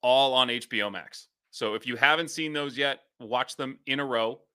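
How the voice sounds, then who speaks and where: A man with a bright, forceful voice co-hosts a podcast in casual chat. He tells lively stories, laughs often and acts out the people in them. His pitch is ordinary for a man. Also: moderate pace, smooth. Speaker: podcast co-host, high school football coach.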